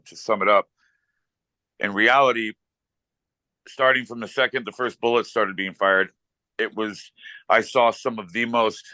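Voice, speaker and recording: A man's voice: fairly low pitch, sharp tone, no room sound, poor audio. A middle-aged man, a rock musician as interview guest, speaking earnestly and reflectively in long thoughtful sentences. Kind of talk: interview conversation.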